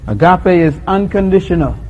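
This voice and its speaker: A man's voice: high voice, lively intonation, normal speed, a little mellow, lo-fi sound, a little hiss or hum. A man with a Bahamian accent preaching a sermon, telling stories and acting out quotes with laughs.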